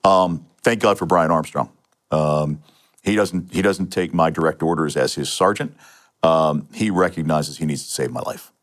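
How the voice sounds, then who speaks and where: A man's voice: rumbling low, normal speed. A middle-aged man from Pennsylvania, a retired police sergeant and interview guest, telling his own story in a matter-of-fact way with frequent restarts and fillers.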